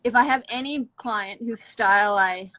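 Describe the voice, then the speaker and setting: A woman stylist hosting a live stream over her phone, chatting in an excitable, gushing way. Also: a little high, moderate pace. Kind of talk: casual chat.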